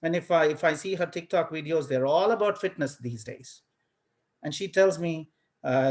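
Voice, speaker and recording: Animated male professor lecturing. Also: fairly high pitch, moderate pace. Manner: animated storytelling, acts out his own reactions; repeats words when starting a thought. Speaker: university professor. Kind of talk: casual classroom lecture.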